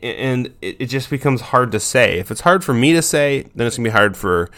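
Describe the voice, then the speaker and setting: A man's voice: mid-range voice, expressive, a little fast, a bit bright. A man giving casual advice about naming dogs, rambling and breaking off his own sentences. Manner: rambling, self-interrupting, loose and informal.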